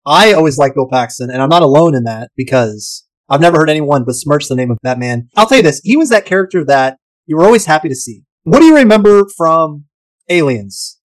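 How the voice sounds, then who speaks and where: Animated, joking male podcast co-host. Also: on the high side, brisk, no echo, low-quality recording. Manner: animated, jokey, swears freely. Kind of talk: casual chat over whiskey.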